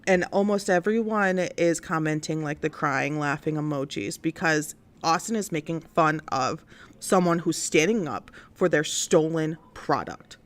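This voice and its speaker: A woman with a deep voice speaks at a measured pace as host of a casual news and commentary stream. She's blunt and exasperated, rambling with plenty of fillers.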